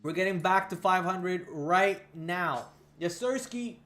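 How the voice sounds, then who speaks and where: A man's voice: sits high, fairly even intonation, unhurried, fairly bright tone, soft background music. Hyped male livestream host. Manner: hyped, playful, talking to chat. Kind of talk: casual livestream chat.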